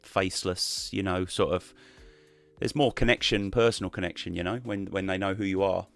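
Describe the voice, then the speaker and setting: A man with a relaxed, rambling way of talking, chatting casually as a guest on a live stream over a call mic. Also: low voice, normal speed, gravelly. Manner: relaxed, rambling, many fillers and restarts.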